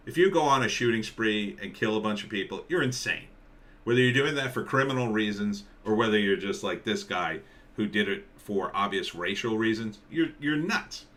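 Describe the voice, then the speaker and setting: Middle-aged guy doing a live stream, bright forceful voice, a bit low, rambly and halting. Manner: rambling, halting, reads viewer comments aloud. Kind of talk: casual commentary reading chat.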